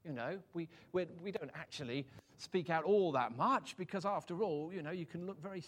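High-voiced man preaching a casual sermon. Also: a little fast, a bit bright. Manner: self-deprecating, chuckles often, repeats words when stumbling. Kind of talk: conversational sermon.

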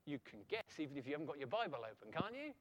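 A middle-aged man with a slightly high voice races through an animated sermon, throwing rhetorical questions back at his listeners.

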